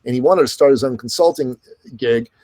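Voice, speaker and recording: A middle-aged man, a business coach being interviewed, telling stories in an animated way and acting out the people in them. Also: medium pitch. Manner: animated, fast storytelling with quoted dialogue. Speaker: podcast host and business coach, guest. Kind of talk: storytelling in an interview.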